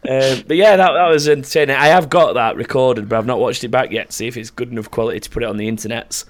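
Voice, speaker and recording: A man's voice: medium pitch, fast talker. A young man hosting a casual podcast chat, telling rambling stories with lots of laughing and swearing. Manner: rambling, laughing storyteller who swears freely. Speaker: podcast host.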